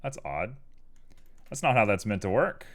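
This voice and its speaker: A man with a low-pitched voice that swings widely up and down as he talks. He chats casually and goofily with his viewers while working on his art, joking around as he goes. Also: big pitch swings, moderate pace. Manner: playful and goofy, chatting with viewers. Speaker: live streamer doing 3D art.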